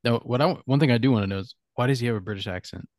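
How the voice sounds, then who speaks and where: A man's voice: medium pitch, rapid-fire, a little mellow, no room sound, clean studio sound. A man hosting a podcast, chatting casually in a rambling, musing way and chuckling often. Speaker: podcast host. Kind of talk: casual chat.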